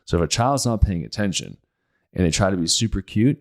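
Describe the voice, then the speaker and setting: Delivering a blunt, emphatic, casual monologue, this podcast host repeats his points again and again. He's a man with a low voice who sounds animated and talks a little fast.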